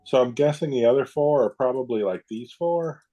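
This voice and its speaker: A man's voice: medium pitch, fairly quick, mellow, lo-fi sound. A man playing a tabletop game who chats casually and thinks aloud. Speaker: player.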